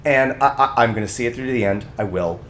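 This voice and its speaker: A man co-hosting a podcast in casual chat, ranting with animated energy. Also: medium pitch, quick pace, a little hiss or hum. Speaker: podcast co-host.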